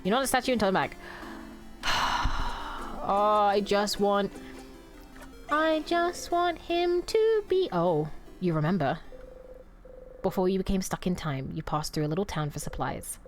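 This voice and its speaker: A woman's voice: medium pitch, big pitch swings, unhurried, long pauses, faint music behind. A woman streaming a video game, reading its dialogue aloud and swearing at the screen. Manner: profane, loud outbursts at the screen. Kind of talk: casual game stream commentary.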